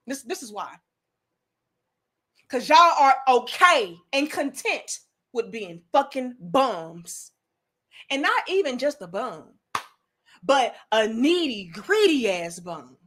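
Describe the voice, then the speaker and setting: A woman's voice: high-pitched, lively intonation, unhurried, bright, forceful tone. A young adult woman hosting a commentary talk, ranting bluntly and profanely in a preachy way. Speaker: commentary host.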